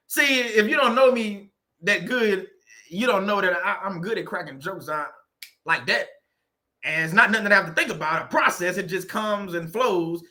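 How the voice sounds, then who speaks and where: A man from southern Louisiana hosts his channel from a room at home, giving a casual motivational talk in a high, pushed, bright voice. He jokes and laughs often while making his points.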